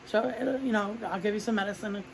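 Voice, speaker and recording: In a brisk, mid-range voice, a vlogger reviewing a product rambles through a long personal story, leaning heavily on "like" and performing what others said. The recording is low quality, with a bit of hiss or hum.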